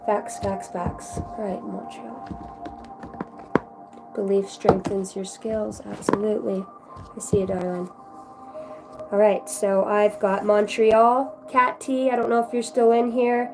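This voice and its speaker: A woman's voice: mid-range voice, level tone, slow pace, pauses often, over loud music. A woman giving a casual livestream card reading, chatty and effusive, swearing freely as she talks to her viewers. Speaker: tarot reader.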